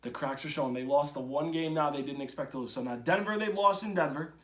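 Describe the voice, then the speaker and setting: High-voiced man ranting on a podcast. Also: quick pace. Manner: blunt, ranting, swings from loud outbursts to low mutters. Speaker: podcast host. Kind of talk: casual opinionated sports talk.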